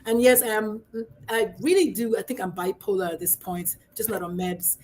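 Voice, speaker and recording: A middle-aged woman, a pediatrician and life coach, talking in a brash, outspoken way in a casual livestream chat, swinging between loud and soft. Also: medium pitch, moderate pace.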